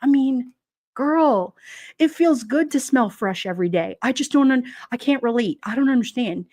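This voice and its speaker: Sassy woman streamer gossiping over chat comments, kinda high voice, dry close mic. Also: lively intonation, moderate pace, darkish tone, dry recording. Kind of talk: casual livestream chat reading comments.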